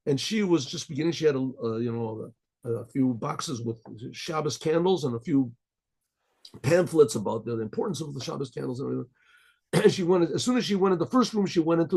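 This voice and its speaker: Husky man telling a rambling story. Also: on the high side, darkish tone. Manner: rambling, chatty, with chuckles. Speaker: rabbi.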